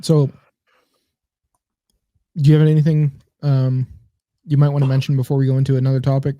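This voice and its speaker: A man's voice: mid-range voice, completely flat delivery, moderate pace, no echo, muffled recording. A man co-hosting a podcast in casual chat, teasing and loose with filler words. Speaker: podcast co-host.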